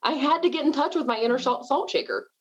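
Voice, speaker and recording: A woman's voice: high-pitched, fast talker, lo-fi sound. A middle-aged woman from the South, talking in a chatty, self-deprecating way at home. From American South. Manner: chatty, animated, self-deprecating with frequent laughs. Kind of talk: casual conversation.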